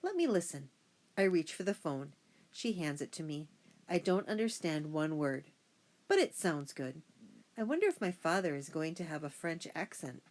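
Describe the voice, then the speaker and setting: A woman narrating a first-person children's audiobook in a steady storytelling voice. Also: sits low, moderate pace.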